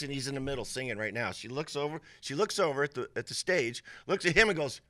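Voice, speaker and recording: A middle-aged man, a musician telling an animated story as an interview guest, laughing often and acting out the voices of people in it. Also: medium pitch, quick pace, hardly any pauses, dry recording, studio quality. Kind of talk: casual storytelling.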